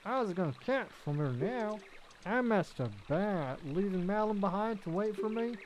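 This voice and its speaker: A man's voice: high-pitched, animated, normal speed, a little hiss or hum, voice pushed up. A man voicing a sleepy, bumbling middle-aged ranch owner in an exaggerated put-on rustic accent. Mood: panicked. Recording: game music playing behind.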